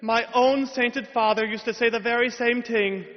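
A man voicing a genial elderly Irish priest-professor with a lilting, lifted Irish accent, asking gently teasing questions. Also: very high-pitched, steady tone, normal speed, pitched above the performer's own voice. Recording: reverberant hall, dull sound.

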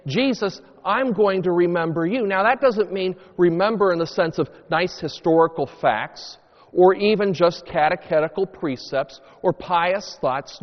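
A man preaching a homily as a priest, with slow, deliberate phrasing that rises and falls dramatically. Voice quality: sweeping highs and lows, slow deliberate delivery. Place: church. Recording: long church reverb, dull lo-fi sound.

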